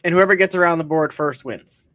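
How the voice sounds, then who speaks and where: A man's voice: fairly high pitch, a little fast, fairly bright tone, dry recording. Male co-host, laid-back explainer, reads text aloud; dry close recording. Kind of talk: casual chat.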